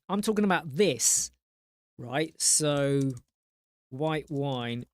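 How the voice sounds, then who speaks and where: A man's voice: a little high, expressive, normal speed, dry recording, studio quality. Rambling man hosting a live chat. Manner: rambling, jokey, mock-exasperated, reads out viewer names. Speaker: live stream host.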